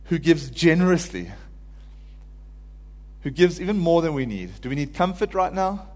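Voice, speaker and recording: A man's voice: a little high, very animated, normal speed, darkish tone. Earnest preacher man in a reverberant hall. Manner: earnest, builds to pleading cries when quoting. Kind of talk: informal sermon.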